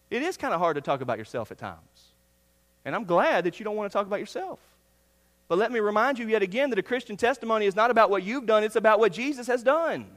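A male pastor preaching a sermon, earnest, swinging from loud emphasis down to hushed, near-whispered lines. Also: high-pitched. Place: church sanctuary. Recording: long reverb of a church hall.

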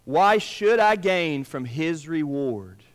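A male pastor preaching a sermon, swinging between emphatic lines and hushed, drawn-out words. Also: fairly high pitch, expressive. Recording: long reverb of a large room.

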